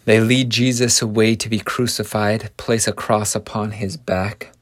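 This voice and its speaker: A man's voice: lowish voice, fairly even intonation, unhurried, no room sound, clean studio sound. A man teaching a scripture lesson in an earnest, vivid storytelling manner.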